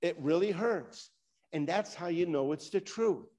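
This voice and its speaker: A man's voice: on the high side, animated, a little slow, darkish tone. A man preaching a sermon, talking straight to his congregation with rising and falling emphasis. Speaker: pastor.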